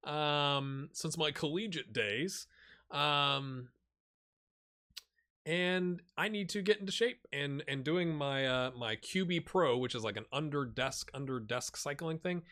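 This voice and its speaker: Forties male gaming host, bright forceful tone, rambling self-deprecating let's-play chatter. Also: a little high, slow. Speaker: gaming YouTuber. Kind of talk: casual let's-play commentary.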